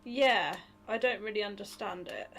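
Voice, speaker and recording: A young woman from Britain co-streaming a game, chatty and quick to laugh. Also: mid-range voice, animated, gravelly, fairly bright tone. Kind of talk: casual game stream chat. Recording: faint keyboard clicks behind.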